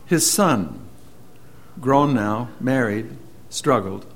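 A man's voice: mid-range voice, animated. Earnest male preacher telling a story. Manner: earnest, swings between loud emphasis and hushed, slow lines. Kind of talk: sermon storytelling.

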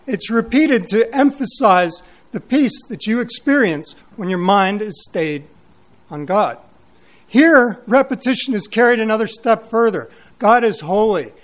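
A man's voice: high voice, animated, unhurried. A man preaching a sermon, emphatic and questioning, repeating words for weight.

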